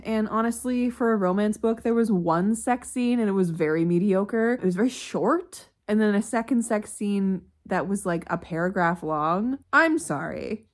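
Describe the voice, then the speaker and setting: A young woman talking casually at home in a reading vlog, candid and quick to swear and laugh. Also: mid-range voice, darkish tone. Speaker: book vlogger.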